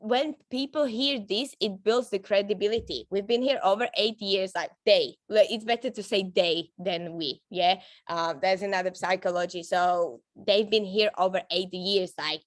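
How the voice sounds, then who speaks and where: A woman's voice: mid-range voice, steady tone, normal speed, few pauses, no echo. A woman with a voice, giving a casual, upbeat training talk to her team, with frequent fillers and restarts. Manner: chatty, upbeat, laughs often, many fillers and restarts. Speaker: network marketing trainer.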